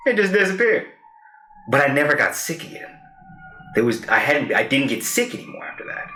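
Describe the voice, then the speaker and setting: A man co-hosting a podcast, telling a personal story casually and animatedly acting out what people said. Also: lowish voice. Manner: animated storyteller who acts out quoted lines. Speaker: podcast co-host. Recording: roomy echo.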